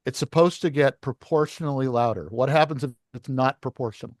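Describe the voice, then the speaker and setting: A man's voice: medium pitch, brisk, hardly any pauses, no echo. Man lecturing a class, dry sound. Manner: explains step by step, asks the class questions. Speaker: licensing class instructor.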